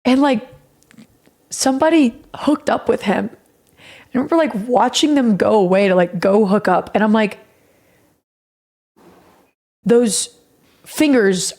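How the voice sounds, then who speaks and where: A woman streamer telling a rambling story in a casual, profane way, often laughing. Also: a little high.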